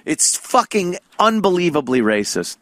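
A man's voice: sits high, sing-song, normal speed, fairly bright tone, dry recording. A man chatting casually as a podcast host, profane and mocking, often mimicking people. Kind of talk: casual chat.

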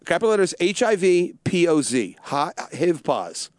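Man, comedy co-host, crude jokes, animated, slightly high voice. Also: moderate pace, no echo, clean studio sound. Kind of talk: crude casual banter.

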